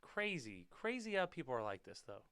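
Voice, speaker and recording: Male show host reacting to videos, clear resonant voice, lively and expressive, loud outbursts then quiet mutters. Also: mid-range voice, normal speed, no echo, clean studio sound. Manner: excitable, loud outbursts and swearing; drops to quiet muttering asides. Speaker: podcast host. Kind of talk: reacting to dash cam videos.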